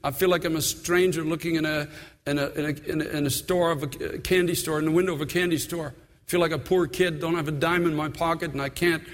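A man's voice: on the high side, steady tone, fast talker, in a large hall. A man in his sixties, a pastor, preaching an earnest sermon full of personal stories in a church.

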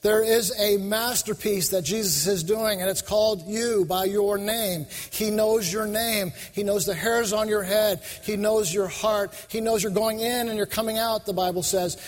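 High-voiced preacher in a big hall. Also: male voice, steady tone, moderate pace, hardly any pauses, faint music behind. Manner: fervent, repetitive, talks to the crowd. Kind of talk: sermon. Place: large venue with a crowd. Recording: long hall reverb.

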